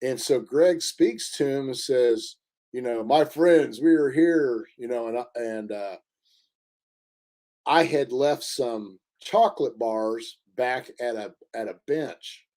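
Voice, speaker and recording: Guy from indiana rambling through a story, lots of uhs, warm mellow voice. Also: medium pitch. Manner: halting, many fillers and restarts. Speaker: interview guest. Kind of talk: casual storytelling.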